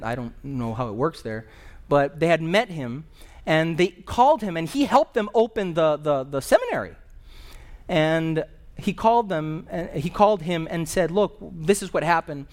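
A male pastor preaching a sermon in a conversational storytelling manner, with personal asides. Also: on the high side.

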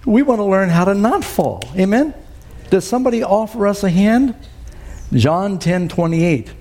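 A man preaches to his congregation, working through scripture and turning to the room with "Amen?". His voice sits a little high but sounds warm and mellow. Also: lively intonation, normal speed. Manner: preaching with many scripture quotes, asks the crowd "Amen?". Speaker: pastor. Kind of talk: sermon. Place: church with congregation.

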